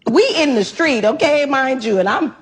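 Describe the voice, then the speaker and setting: Woman guest, husky, emotional storyteller. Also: high voice, lively intonation, normal speed. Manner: emotional, acting out quoted lines. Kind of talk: personal storytelling in an interview clip.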